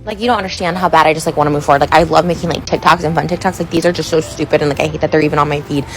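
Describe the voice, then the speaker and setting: A woman's voice: low voice, steady tone, rapid-fire, soft background music, low-quality recording. Upset woman ranting on her phone. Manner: rambling, filler-heavy, breaking off mid-sentence. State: upset, close to tears. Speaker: social media influencer. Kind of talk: emotional selfie video rant.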